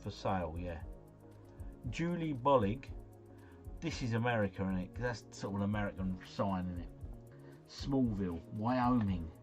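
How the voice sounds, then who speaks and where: A man with a fairly low voice gives running commentary on a game he is streaming live. He is chatty and excitable and keeps turning to his viewers. Faint music plays underneath. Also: normal speed, long pauses. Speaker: gaming livestreamer.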